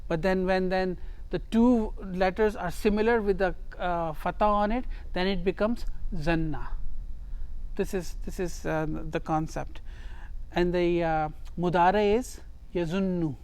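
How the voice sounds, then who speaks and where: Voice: medium pitch, steady tone, measured pace, darkish tone, smooth. A teacher giving a grammar lesson who reads each phrase, translates it and explains it step by step, often repeating words for emphasis.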